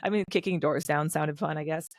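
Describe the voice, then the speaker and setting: On a dry recording, a low-voiced American woman in her thirties who used to fly fighter jets talks casually as a podcast guest. She's an animated storyteller, speaking in quick bursts and performing the quotes she recounts.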